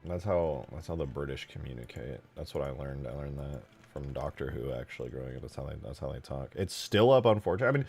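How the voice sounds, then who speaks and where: A man's voice: rumbling low, brisk, a little mellow, soft background music. A young man hosting a casual livestream, rambling, joking and swearing freely as he chats. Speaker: livestream host.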